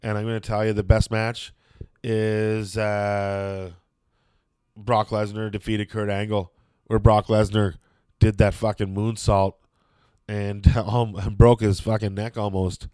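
A man's voice: fairly low pitch, level tone, slow pace, a little mellow, clear, resonant tone, dry recording, clean studio sound. A man chatting casually and opinionatedly as a show host, rambling with lots of fillers and some swearing.

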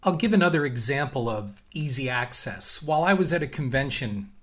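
A man's voice: medium pitch, animated, brisk, fairly bright tone. A man hosting a show and telling stories from his career, firm and indignant, laying out his points one by one. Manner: emphatic, lays out points in numbered order. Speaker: filmmaker and show host. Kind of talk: storytelling monologue.

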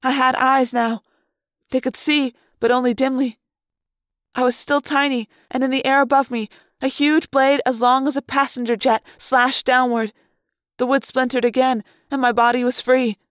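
A woman with a high voice reads a novel aloud in the first person. Her delivery is tense and dramatic. The recording is dry, with little room sound. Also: little pitch movement, normal speed, dry recording. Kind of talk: audiobook reading of a novel.

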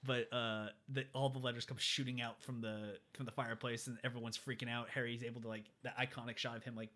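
Male podcast co-host, quick animated recap, bright lively voice. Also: mid-range voice. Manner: animated, acts out characters in exaggerated voices. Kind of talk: casual movie recap chat.

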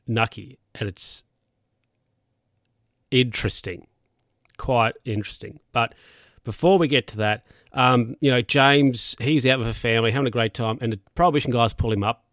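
A man's voice: medium pitch, fairly bright tone, no echo. Man, casual recap, rambling and sweary, dry voice. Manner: rambling, sweary, chuckles often. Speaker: show recapper.

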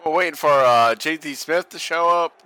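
A man co-hosting a casual watch-along podcast, joking, profane and excitable. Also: a little high, moderate pace, smooth, a faint crowd, rough recording. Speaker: podcast co-host.

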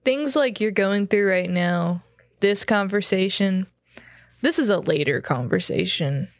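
A woman's voice: medium pitch, a little slow, no room sound. Laid-back woman playing a tabletop game. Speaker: player. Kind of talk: casual tabletop role-play.

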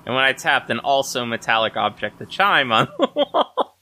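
Man, tabletop game player, animated pitch, wry, clear background noise. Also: moderate pace.

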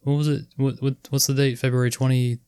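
A young man in a casual chat, relaxed, with dry remarks. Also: mid-range voice, fast talker, clean tone, no room sound. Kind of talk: casual chat about video games.

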